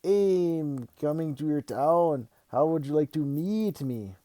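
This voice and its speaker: Brief: man voicing a giddy storybook dad, loud, teasing, raised pitch, dark dry tone. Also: expressive, a little slow, no echo, natural voice. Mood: excited. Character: excitable, bouncy adult father, playful joker.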